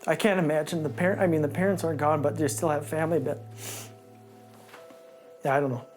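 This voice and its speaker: Halting man searching for words. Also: a little high, fairly even intonation, a little mellow, soft background music. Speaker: local resident, interviewee. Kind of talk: emotional interview.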